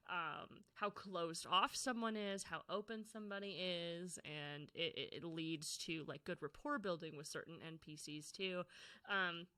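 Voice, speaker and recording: A woman's voice: fairly low pitch, pushed and bright, clean tone, dry recording. A woman co-hosting a podcast, explaining things in a casual way and laughing easily. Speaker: podcast co-host.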